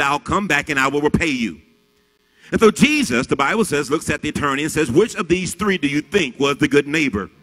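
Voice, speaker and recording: A man's voice: fairly high pitch, a bit bright. Preaching man in a reverberant church. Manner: dramatic scripture reading, varied emphasis. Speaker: pastor. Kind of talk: sermon. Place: large church sanctuary. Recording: reverberant church hall with faint music.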